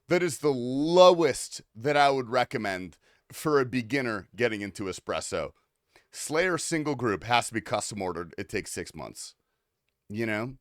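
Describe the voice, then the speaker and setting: A man's voice: a little high, a bit bright, dry recording, clean studio sound. A man streaming a game, joking with chat in a loose, profane, laughing ramble. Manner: joking, rambling, swears often, laughs a lot. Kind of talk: casual livestream chat.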